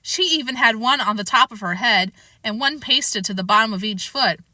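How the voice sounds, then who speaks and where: A woman reading a children's novel aloud in a lively, expressive storytelling voice. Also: on the high side, moderate pace, no room sound.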